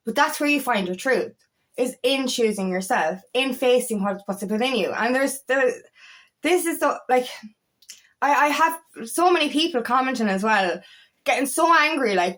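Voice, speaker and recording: A woman's voice: high voice, lively intonation, moderate pace, fairly bright tone. Blunt, swearing woman spiritual coach. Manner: blunt, emphatic, swears freely. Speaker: twin flame coach. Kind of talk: unscripted spiritual talk to camera.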